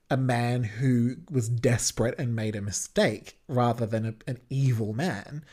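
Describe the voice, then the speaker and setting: A man's voice: mid-range voice, a little mellow. A man hosting a podcast, giving casual, chatty commentary on a TV episode and laughing often. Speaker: podcast host.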